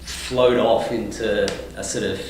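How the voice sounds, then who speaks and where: A man with an Australian accent talks in a loose, rambling way, full of fillers and restarts. His voice sits a little low and sounds distant from the mic. A heavy echo and faint ambient noise surround him. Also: steady tone, slow pace. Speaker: touring singer-songwriter, guest. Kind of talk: casual interview. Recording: echoey room, mic at a distance.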